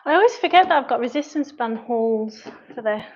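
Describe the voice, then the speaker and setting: A woman with a Mancunian-Lancashire accent coaches her viewers through a live workout, chatting and sighing as she goes. She sounds winded from the effort, and her voice sits a little high. The stream audio is dull and lo-fi. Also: expressive, brisk. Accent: Mancunian-Lancashire English. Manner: chatty, puffing and sighing between sets. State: out of breath from exercise. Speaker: personal trainer and online fitness coach.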